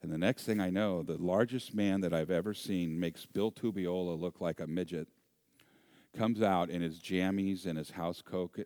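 A man preaching a sermon, an animated storyteller with self-deprecating humor. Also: deep voice, no room sound. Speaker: pastor.

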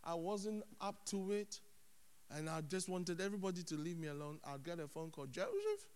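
Animated preacher in a reverberant hall. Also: male voice, on the high side, moderate pace, clean tone. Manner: animated, swings from hushed to loud. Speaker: pastor. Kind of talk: sermon.

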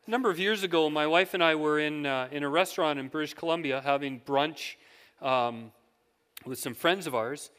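A man's voice: a little high, normal speed, a bit bright, clean tone. Man preaching in a reverberant hall. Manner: conversational storytelling with questions to the congregation. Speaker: pastor. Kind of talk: sermon.

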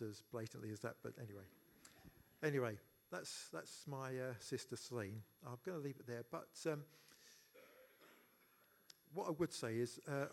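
Halting man giving a eulogy. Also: mid-range voice. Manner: halting and anecdotal, many fillers and restarts. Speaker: eulogy speaker, brother of the deceased. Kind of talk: funeral eulogy.

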